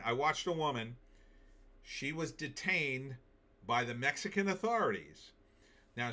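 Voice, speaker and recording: A man's voice: mid-range voice, pushed and bright. A man hosting a political commentary show, giving opinionated, emphatic takes and reading out viewer comments.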